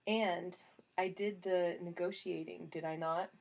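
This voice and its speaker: A woman reading an audiobook voices a gruff older male soldier who scolds bluntly in a heavy regional brogue. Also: fairly low pitch, steady tone, normal speed, darkish tone. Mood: stubborn. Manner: thick regional brogue, laid on heavily.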